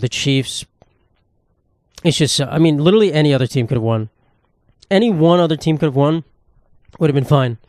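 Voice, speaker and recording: A man's voice: a little high, darkish tone, no echo, clean studio sound. A young man hosting a solo comedy podcast, rambling and sarcastic, swearing freely. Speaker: podcast host.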